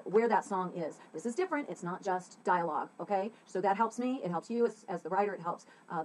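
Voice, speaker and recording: A woman's voice: mid-range voice, a bit bright, a little hiss or hum, poor audio. A middle-aged woman teaching scriptwriting in a casual, chatty lecture, playful and informal.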